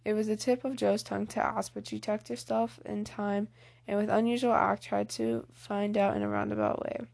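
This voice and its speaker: A woman's voice: medium pitch, expressive, normal speed, creaky, darkish tone. A woman narrating a classic novel in a casual, unpolished read-aloud. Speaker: reader. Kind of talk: amateur audiobook narration.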